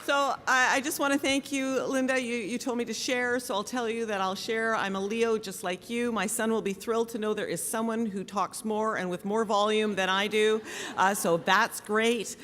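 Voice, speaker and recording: A woman's voice: fairly high pitch, steady tone, normal speed, a bit bright. A woman, a conference organizer, giving joking thank-you remarks after the keynote. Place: large conference hall. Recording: reverberant hall with audience noise.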